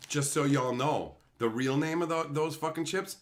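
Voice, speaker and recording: A man's voice: on the high side, moderate pace. A man ranting profanely and mock-insulting his live-stream chat.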